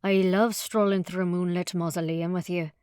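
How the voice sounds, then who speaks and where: A woman's voice: fairly low pitch, steady tone, moderate pace, darkish tone, clear, resonant tone, no echo, natural voice. A woman voicing a wounded young man who speaks dryly and sarcastically, in an audiobook. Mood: wry. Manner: dry and sarcastic.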